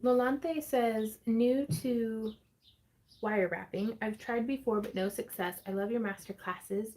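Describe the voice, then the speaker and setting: A woman's voice: a little high, fairly even intonation, slow pace, darkish tone. A woman hosting a casual crafting livestream from her home craft space, chatting in a bubbly, giggly way and reading viewer comments aloud.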